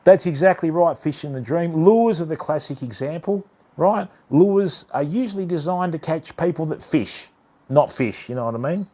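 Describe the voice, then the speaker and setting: Slangy Australian man, fairly high voice. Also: animated, moderate pace, dark tone. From Western Australia. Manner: laid-back, slangy, calls viewers mate and fam; rambling, with many fillers. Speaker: fishing tackle streamer. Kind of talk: casual live-stream chat with a tackle demo.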